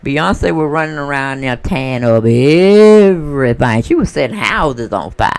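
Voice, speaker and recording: A woman giving a casual celebrity gossip monologue, sassy and animated, acting out what other people might have said. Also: a bass voice, a little slow. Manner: sassy, animated storyteller who acts out other people's voices.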